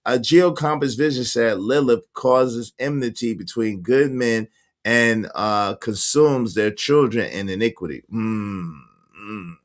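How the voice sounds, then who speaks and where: A man hosting a casual livestream reads viewer comments aloud, slangy and emphatic, laughing often as he chats. His voice is medium-pitched and he takes things slowly.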